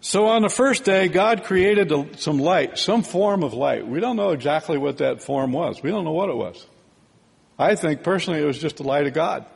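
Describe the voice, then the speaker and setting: A man teaching a sermon in a relaxed, conversational way, often checking in with "right?" and "okay?". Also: on the high side, moderate pace, creaky, breathy edge, big-room sound.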